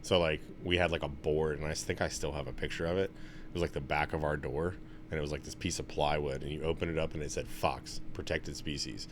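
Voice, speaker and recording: A young man in casual podcast chat, telling stories with lots of swearing and getting loud when he's excited. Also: brisk, noisy background. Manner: animated, swears a lot, gets loud and high when excited. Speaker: podcast co-host.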